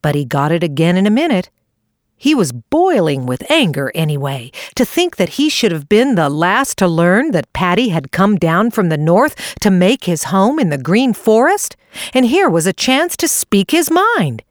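Woman reading kids story, bouncy pitch, super dry close sound. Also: moderate pace, no echo. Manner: lively, expressive. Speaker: narrator.

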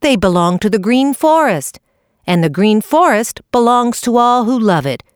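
A woman voicing a calm, good-humored male beaver in a storybook. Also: a little high, clear, resonant tone, no echo, clean studio sound, voice pushed up, close to an everyday voice. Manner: calm, unhurried, amused.

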